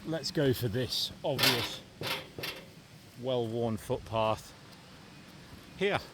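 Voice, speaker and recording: In a very noisy recording, a man narrates a walking vlog on a country lane, his mid-range voice moving very slowly. He chats and thinks aloud along the way, his phrasing understated and British.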